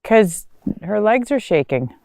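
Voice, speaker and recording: A woman keeps her comments short and matter-of-fact during a winter hike, her voice at an ordinary middle pitch. The sound is dry and close, with no echo around it. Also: sing-song, a little slow, gravelly, mellow. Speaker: host's wife. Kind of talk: casual chat while hiking. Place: outdoors on a snowy forest trail.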